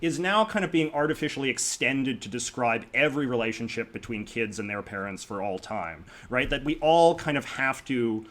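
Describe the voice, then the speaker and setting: A man with a Canadian accent, a podcast guest in casual conversation, talking rapidly and filling his speech with "like" and "you know". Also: mid-range voice, expressive, a bit bright. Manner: rapid, talkative, peppered with 'like' and 'you know'.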